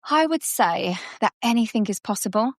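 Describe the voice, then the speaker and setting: A woman guest on a podcast, a subconscious coach who explains ideas in a lively way and acts out little scenes. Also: fairly high pitch, normal speed, dry recording, studio quality. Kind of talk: conversational coaching talk.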